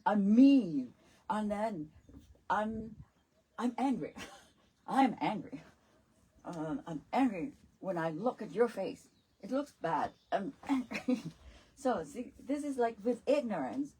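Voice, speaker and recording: A woman's voice: medium pitch, darkish tone, a little hiss or hum, rough recording. A woman, a Buddhist nun, giving a dharma talk at a retreat, laughing often and repeating phrases, with slightly non-native English grammar. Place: retreat center teaching hall.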